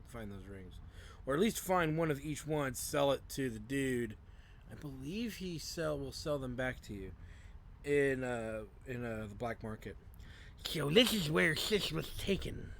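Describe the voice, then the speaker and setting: A man's voice: medium pitch, a little hiss or hum. A man hosting a let's play, giving casual gameplay commentary and rambling as he talks to himself. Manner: rambling and self-talking, with fillers and mild joke curses.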